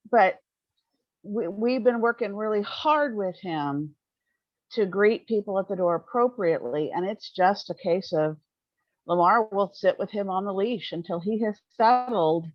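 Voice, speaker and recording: A woman's voice: medium pitch, a little slow, dry recording. Woman, puppy raiser, wry tone, muffled dry call audio. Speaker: service dog puppy raiser. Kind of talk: casual group chat. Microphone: video call.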